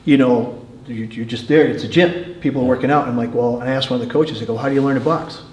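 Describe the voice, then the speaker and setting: A middle-aged man from New York City tells rowdy stories in a casual chat, laughing often as he goes. His voice sits at a middle pitch and rings in an echoey room. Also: quick pace. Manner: animated storyteller, laughs often. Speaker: martial arts coach.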